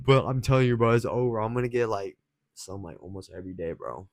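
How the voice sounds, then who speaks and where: A man's voice: on the low side, quick pace, dry recording. Casual slangy young man, dry close sound. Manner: rambling and slangy, swears freely, chuckles often. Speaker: dating advice vlogger. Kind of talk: casual storytelling.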